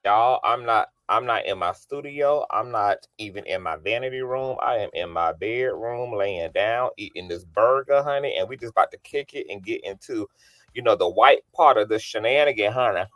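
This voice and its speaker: A man's voice: on the low side, moderate pace, fairly bright tone, dry recording, studio quality. A man hosting a casual gossip livestream from his bedroom, sassy and flamboyant, calling viewers honey and girl and greeting them by name. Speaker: livestream host. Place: bedroom, lying down.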